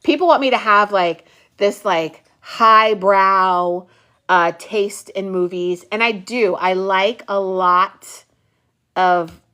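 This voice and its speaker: A young adult woman hosting a live class, chatting playfully and teasing viewers in a casual, animated way. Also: mid-range voice, slow, clean tone. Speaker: class host.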